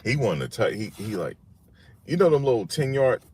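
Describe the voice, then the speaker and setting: A man's voice: medium pitch, sing-song, moderate pace, darkish tone, breathy edge. A man hosting a sports channel, giving casual reaction commentary in an emphatic, slangy way and repeating his points.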